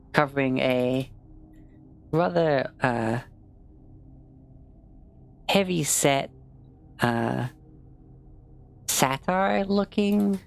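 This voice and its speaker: Game master for a tabletop game: a slow, halting woman with a strikingly low voice. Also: gravelly. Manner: hesitant, full of fillers, swears when frustrated.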